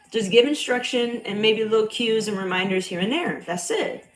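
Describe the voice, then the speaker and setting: A young woman with a slight Bronx accent who is a cycle coach, chatting casually on a livestream. Her voice is loud and a bit nasal, and she talks bluntly, swears freely and laughs often. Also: a little high, animated, normal speed, faint music behind, poor audio. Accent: slight Bronx New York.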